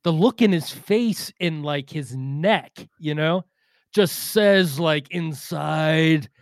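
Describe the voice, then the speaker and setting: A man co-hosts a casual podcast, talking a bit higher than most men. He rambles, restarts his sentences, and peppers them with fillers and swear words. The mic sound is close and dry, with no room around it. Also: takes it slowly, dry recording. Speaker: boxing podcast co-host.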